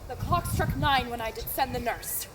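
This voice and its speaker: A woman's voice: a little high, moderate pace, noisy background, natural voice. A woman playing an eager, impatient young girl in love, pleading insistently on stage. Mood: longing. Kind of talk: live stage acting.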